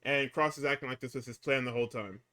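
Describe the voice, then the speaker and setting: A man co-hosting a casual, profane talk show, recapping wrestling and swinging between hyped outbursts and low muttering. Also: fairly even intonation, quick pace, pushed and bright. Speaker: podcast co-host recapping wrestling.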